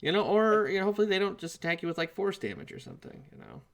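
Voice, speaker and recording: A man's voice: high voice, big pitch swings, very fast, creaky, fairly bright tone. A man running a casual tabletop game as game master, rambling with many fillers.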